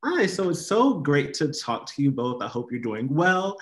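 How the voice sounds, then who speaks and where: A man's voice: a little high, very animated, normal speed. A man interviewing guests over a video call in a chatty way, with lots of fillers. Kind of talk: casual interview. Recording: roomy echo.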